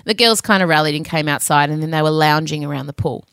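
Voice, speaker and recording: Woman, 30s, podcast co-host; lively, wry storyteller, dry close sound. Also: sits low, quick pace, clean tone, dry recording. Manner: animated, dramatic storytelling with wry humor. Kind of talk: casual storytelling chat.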